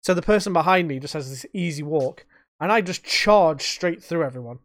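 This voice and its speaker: Man telling animated pub stories. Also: on the high side, moderate pace, no echo, studio quality. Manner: animated storytelling, swearing, acting out quotes. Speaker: podcast host. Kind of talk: casual chat.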